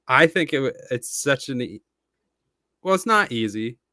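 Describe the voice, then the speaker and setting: Bright-voiced man chatting with lots of "like". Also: medium pitch, normal speed, dry recording. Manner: animated, many "like" fillers. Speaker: guest, rapper and Shakespearean actor. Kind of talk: casual podcast conversation.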